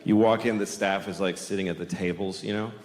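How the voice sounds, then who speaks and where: A man's voice: low voice, a little fast. A middle-aged man doing a stand-up comedy set with a blunt, crude, self-deprecating delivery. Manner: animated, acts out scenes with put-on voices. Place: large theater stage with live audience. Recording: echoey hall, audience noise.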